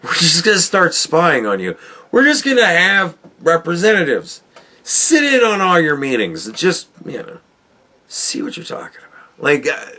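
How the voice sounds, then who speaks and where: A man's voice: fairly high pitch, wildly swooping pitch, normal speed, sharp tone. A man hosting a podcast, ranting casually with rambling, profane asides and frequent chuckles. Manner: rambling, swearing, chuckling often. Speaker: podcast host.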